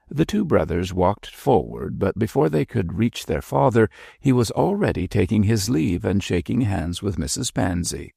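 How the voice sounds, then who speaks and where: Gravelly, husky male audiobook narrator. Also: lowish voice, sing-song, moderate pace, hardly any pauses, dark tone, no room sound, studio quality. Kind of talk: scripted narration of a classic mystery.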